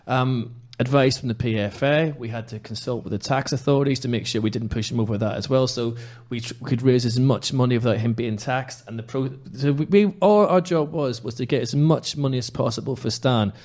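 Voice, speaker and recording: Male podcast host, passionate and emphatic, mid-pitched everyday voice. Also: steady tone, brisk, few pauses, darkish tone. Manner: impassioned, emphatic ranting. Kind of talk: casual football podcast chat.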